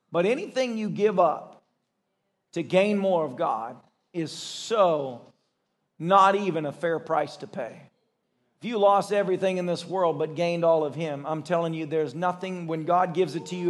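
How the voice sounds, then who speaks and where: High-voiced excitable male pastor. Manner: excitable, bursts into high shouts when storytelling. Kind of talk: sermon. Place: church service.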